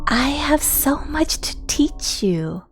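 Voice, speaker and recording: A woman voicing a possessive, doting dark mother figure who speaks in a hushed, drawn-out way. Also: sits high, very animated, soft background music, pitched above the performer's own voice, exaggerated voice.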